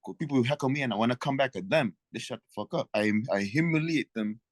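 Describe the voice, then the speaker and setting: A man's voice: mid-range voice, expressive, fast talker, no echo. Laid-back swearing male comedian. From Africa. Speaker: guest comedian. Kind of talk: casual chat.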